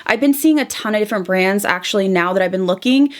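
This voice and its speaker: A woman's voice: mid-range voice, quick pace. A young woman talking casually to camera in a beauty vlog, chatty and heartfelt, with lots of "like" and "um". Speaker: beauty vlogger. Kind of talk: casual monthly favorites vlog.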